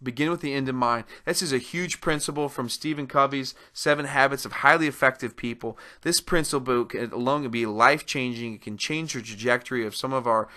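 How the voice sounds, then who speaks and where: A man's voice: medium pitch, brisk, few pauses, pushed and bright. A man presenting a motivational webinar, speaking earnestly and posing rhetorical questions to his listeners.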